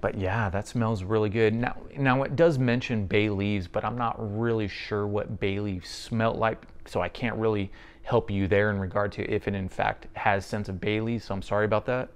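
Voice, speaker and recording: A man's voice: lowish voice, steady tone, moderate pace. A man giving a casual, chatty product review, friendly and thinking aloud with the odd filler.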